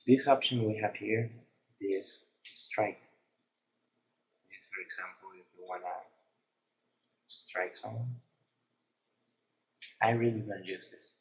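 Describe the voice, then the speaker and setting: A man narrating a screen-recorded software tutorial, explaining each step in a plain, unhurried way. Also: on the low side, steady tone, rough recording.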